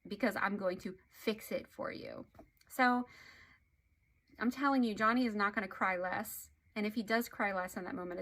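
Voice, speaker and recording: A woman relationship therapist speaks to camera in an earnest, explanatory way. Her pitch sits in the middle range. She stresses key points with animated emphasis. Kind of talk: educational talk to camera.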